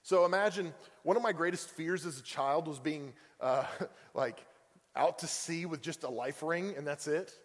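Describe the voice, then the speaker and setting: A man's voice: a little high, normal speed. Man preaching in a reverberant hall. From Oklahoma. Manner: conversational preaching with fillers and acted-out quotes. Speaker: pastor. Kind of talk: sermon. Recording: long reverb of a church hall.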